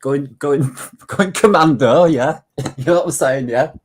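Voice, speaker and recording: Husky English man ranting bluntly. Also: medium pitch, a little slow. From England. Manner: blunt, ranting, joking with "mate". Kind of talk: casual chat.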